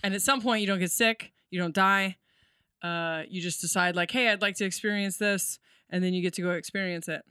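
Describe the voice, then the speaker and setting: A woman's voice: on the low side, fairly even intonation, a little fast, bright, forceful tone, smooth, no room sound, studio quality. A woman comedian guesting on a podcast, explaining spiritual ideas in a rambling, casual way with many fillers.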